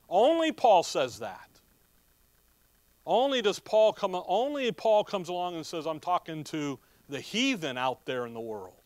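A man's voice: high-pitched, dry recording. A man preaching a Bible teaching sermon who asks his listeners questions and answers them himself, with joking asides. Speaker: pastor.

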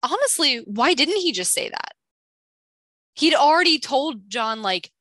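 A woman co-hosting a podcast, chatting casually as she recaps a book with quick asides. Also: high voice, big pitch swings, a bit bright, no room sound. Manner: chatty, quick asides, reads clues aloud. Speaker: podcast co-host.

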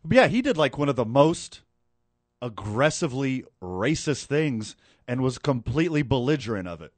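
A man hosts a podcast in loose, casual chat, joking his way through asides. His pitch swings widely as he talks. The sound is dry and close, with no room around it. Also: normal speed, no room sound. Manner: animated, joking, trails into asides. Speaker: podcast host.

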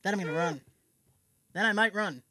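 A woman's voice: mid-range voice, a little fast, bright, forceful tone, no room sound. A woman co-hosting a podcast, chatting casually and acting out the dialogue in her stories. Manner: chatty, acts out dialogue in anecdotes. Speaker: podcast co-host. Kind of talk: casual chat.

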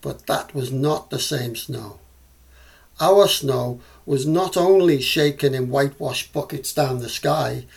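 A wistful grown man looking back on his childhood, read by a man with a Scouse accent, in an unhurried, gravelly voice. It has the feel of a story read aloud. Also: medium pitch, heavily acted.

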